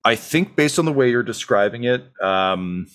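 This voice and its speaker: A man running a tabletop game as game master, narrating in a relaxed, rambling way with many fillers and easy laughs. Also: medium pitch, normal speed.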